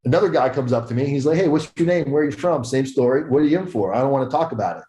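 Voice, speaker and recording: Talking very fast in a dark, medium-pitched voice, a young adult man tells a casual story on a podcast as a guest. He swears often and mimics other people. There's a roomy echo and slight background noise.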